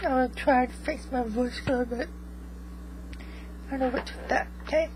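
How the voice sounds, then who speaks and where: High-voiced rambling woman vlogger. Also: fairly even intonation, fairly quick, noisy background. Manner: rambling, checks in with 'okay?' after most remarks. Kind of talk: casual chat to viewers. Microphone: USB microphone.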